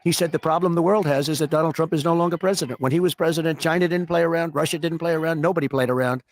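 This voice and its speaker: An older man rambling through interview answers at a brisk clip, his voice sitting fairly high. He sounds boastful and sprinkles in hesitant "uh"s between his points. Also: fairly even intonation. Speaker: interview guest.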